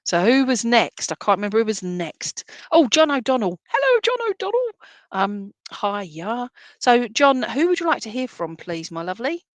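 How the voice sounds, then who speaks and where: A woman's voice: a little high, sing-song, normal speed, dry recording. A woman working as a spiritualist medium, giving a chatty, affectionate live-streamed reading that rambles and restarts often. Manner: chatty, affectionate, addresses people as "my lovely".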